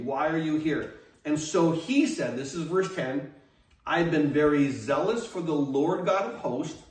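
A man with a fairly high voice preaches a sermon and acts out the people in the scripture with dramatic flair. He stands some way back from the mic, and the room rings with echo. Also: far from the mic. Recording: echoey room, speaker away from mic.

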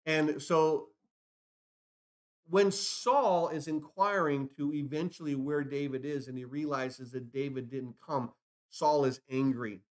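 Male pastor, slightly high voice, emphatic sermon delivery with rhetorical questions. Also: steady tone, takes it slowly. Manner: acts out scripture dialogue in retellings.

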